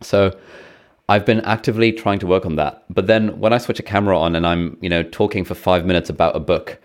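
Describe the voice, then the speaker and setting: A man's voice: deep voice, fairly even intonation, brisk. A young adult man hosting a casual podcast interview, laughing easily and restarting his sentences. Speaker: podcast host.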